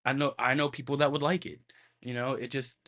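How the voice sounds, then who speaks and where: A man's voice: mid-range voice, little pitch movement, brisk, sharp tone. A man talks through a film review on his own podcast in a loose, casual way. He rambles, circles back with plenty of filler words, and swears freely as he goes. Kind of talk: casual solo movie review.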